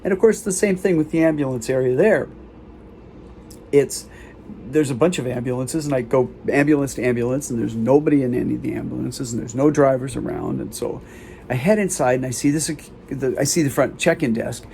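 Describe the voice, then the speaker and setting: A man performing a live comic storytelling show, recounting a hospital visit in halting, self-interrupting sentences. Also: medium pitch, vocal fry, warm tone, slight background noise. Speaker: solo performer. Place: small theater stage.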